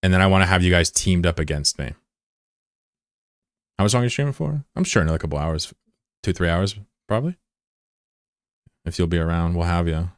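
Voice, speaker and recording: A man streaming as the developer of his own game, chatting casually and swinging between excited shouting and muttered frustration. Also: sits low, fairly quick, pauses often, no echo, clean studio sound. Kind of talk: casual livestream chat.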